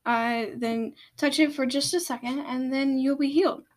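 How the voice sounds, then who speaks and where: A woman voicing a young dragon princess from a storybook, excitable and shrill. Her voice sits high and runs quick. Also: natural voice. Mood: explaining.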